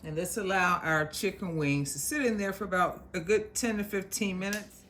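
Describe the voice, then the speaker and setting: A woman's voice: mid-range voice, normal speed, fairly bright tone, a little hiss or hum. A woman hosting a cooking show, talking viewers through a recipe in a homey, chatty way and calling them y'all. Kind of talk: casual cooking demonstration. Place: home kitchen.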